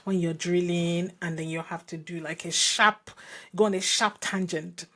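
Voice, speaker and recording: A Nigerian woman hosting a podcast reflects on a personal story, frequently restarting and adding asides. Her voice is lowish and a bit bright, with a steady tone and moderate pace.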